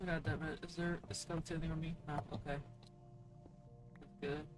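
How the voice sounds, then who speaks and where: Her voice is low and flat, moving at a normal speed as music plays in the background. She's a VTuber streaming a game, bantering with her viewers, laughing often and swearing without restraint.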